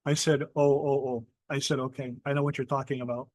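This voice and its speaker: A middle-aged man with a Hawaiian accent, telling a traditional ghost story in lively spoken style, mixing in Hawaiian words and acting out voices. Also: mid-range voice, a little fast, no room sound. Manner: animated, acts out quoted voices, mixes in Hawaiian words. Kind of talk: oral storytelling.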